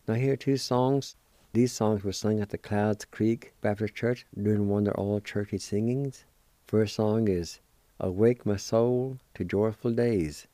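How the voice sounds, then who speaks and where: Slow, deliberate male language teacher. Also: on the low side, mellow, no room sound. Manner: slow and deliberate, spelling words letter by letter. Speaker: host teaching Cherokee words. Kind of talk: radio language lesson.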